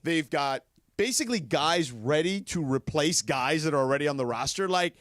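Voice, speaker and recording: A man co-hosting a sports radio show, chatting casually and animatedly with plenty of quick agreement. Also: on the high side, lively intonation, a bit bright, no room sound, clean studio sound. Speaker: radio co-host. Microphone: studio microphone.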